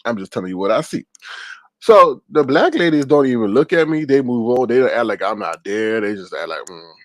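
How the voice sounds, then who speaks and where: A man in a middle range chats to his live-stream viewers, telling everyday stories with a lively, rising and falling delivery. He often jumps into high, exaggerated voices to act out the people in his stories. He teases commenters by name, and the sound is close and dry. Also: brisk, dry recording. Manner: reads viewer comments aloud and teases them. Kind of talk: casual storytelling chat.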